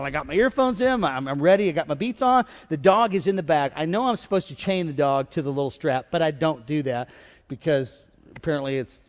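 A male pastor preaching a humorous storytelling sermon, animated and joking, rising into loud exhortation. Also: fairly high pitch, long reverb tail, muffled recording. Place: church with congregation.

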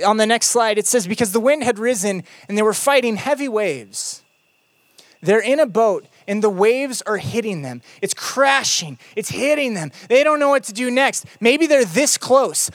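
A youth pastor preaching a sermon in a conversational storytelling way, with playful asides, lively retellings and quiet, emphatic moments. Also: medium pitch, no echo.

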